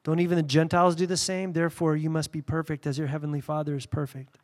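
A man preaching a sermon, telling stories candidly, with sudden loud bursts and quiet, reverent drops. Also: a little high, little pitch movement, fast talker. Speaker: pastor.

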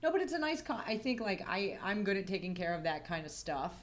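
A woman's voice: medium pitch, big pitch swings, a little fast. A woman co-hosting a casual podcast chat in student housing, chatty and wry, often laughing. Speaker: podcast co-host.

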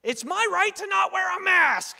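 A man voicing an indignant, entitled woman who shouts defiantly that she won't wear a mask, in a high strained voice. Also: animated, normal speed, vocal fry, full character voice.

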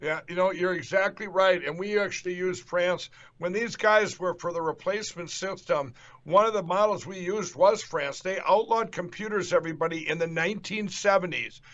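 A show host with an Upper Midwest American accent runs a political interview program, speaking emphatically and repeating himself to rally the audience. His voice is high and a bit bright, at a moderate pace. The lo-fi recording sounds dull.

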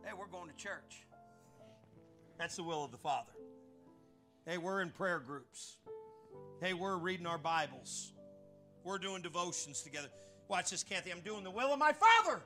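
An older man preaching a sermon as pastor, emphatic and conversational, climbing into shouted peaks, with faint music behind. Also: a little high, measured pace, pauses often.

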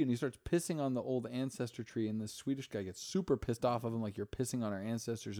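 A man's voice: mid-range voice, fast, hardly any pauses, warm tone, no room sound, clean studio sound. A young man podcast host casually recapping a movie, rambling, swearing, and acting out the characters' lines.

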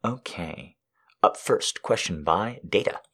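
A man hosting a podcast and talking through listener questions in a relaxed, chatty way. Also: fairly low pitch, slow pace. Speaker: podcast host. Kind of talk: casual podcast chat.

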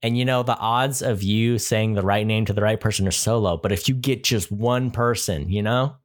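A man's voice: on the low side, moderate pace. A young man co-hosting a podcast, chatting casually and joking with frequent laughs. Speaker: podcast co-host. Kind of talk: casual chat.

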